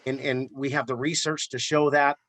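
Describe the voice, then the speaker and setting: A man who runs a flower shop, telling a story in a relaxed interview with plenty of repeated words. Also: medium pitch, moderate pace, dry recording. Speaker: florist and shop owner. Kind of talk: casual storytelling in a podcast interview.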